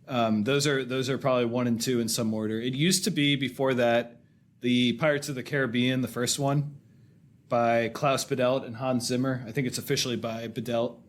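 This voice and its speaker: A man in easy podcast conversation, voice at a middle pitch. He rambles enthusiastically, backtracks and corrects himself mid-thought. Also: steady tone, normal speed. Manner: rambling, self-correcting, enthusiastic about film scores. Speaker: podcast co-host. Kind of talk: casual chat.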